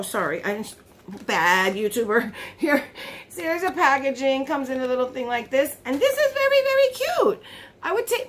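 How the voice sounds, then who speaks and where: A woman vlogger chatting casually as she unboxes beauty products, easily surprised and quick to laugh, recorded on her phone. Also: on the high side, fairly bright tone.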